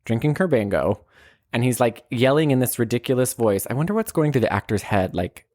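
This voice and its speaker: Woman co-host, very deep voice, lively swings, wry teasing humor. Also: a little fast, no room sound, clean studio sound. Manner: wry, teasing, jokes at the expense of the film. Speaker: podcast co-host. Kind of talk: casual chat about movies.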